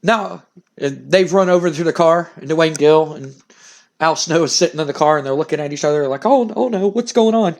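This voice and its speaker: A man's voice: fairly high pitch, steady tone, a little fast. A man casually narrating a wrestling simulation game, rambling, cursing and chuckling as he goes. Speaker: game streamer.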